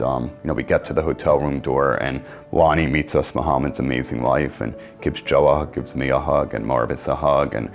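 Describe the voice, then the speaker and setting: A middle-aged man, an interview guest, telling a long story in an animated way and acting out what others said. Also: extremely low pitch, creaky. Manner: animated storyteller, acts out quotes. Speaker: interview guest, sports marketing agent.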